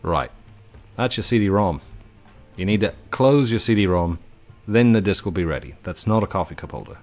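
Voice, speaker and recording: A man's voice: low voice, animated, normal speed, faint music behind. A man doing an Australian help desk worker. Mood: brisk. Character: Australian tech help desk worker Peggy, brisk, blunt.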